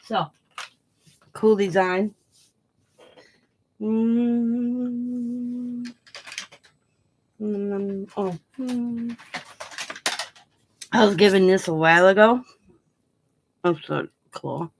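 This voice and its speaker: A woman's voice: medium pitch, very slow, pauses often. A woman hosting a casual crafting livestream, chatting loosely as she works and chewing gum while she talks. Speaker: craft channel host.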